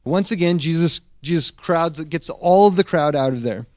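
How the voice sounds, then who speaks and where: A man preaching a sermon as pastor, retelling a scripture story in a casual, animated way with frequent restarts. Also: a little high, normal speed, dry recording, studio quality.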